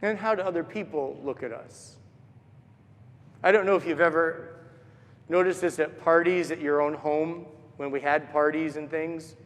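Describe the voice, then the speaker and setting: In a large church with long reverb, a priest with a voice on the high side preaches at normal speed. His sermon is full of stories, and he acts out the voices he quotes.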